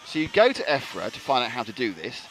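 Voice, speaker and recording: A man's voice: mid-range voice, big pitch swings, quick pace, noisy background. A man giving live commentary on a model car race, joking and rambling between calls. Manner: jokey, self-deprecating, rambling asides.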